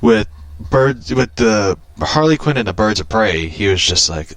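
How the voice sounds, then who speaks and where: A man's voice: on the low side, sing-song, a little slow, a bit bright, no room sound. A man rambling casually through news and geek topics, loose and profane, with frequent restarts. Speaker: vlogger.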